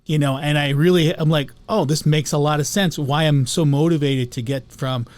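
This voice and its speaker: A man's voice: on the high side, steady tone, moderate pace. A man co-hosting a casual talk on emotions, reflective and sharing personal stories. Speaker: co-host.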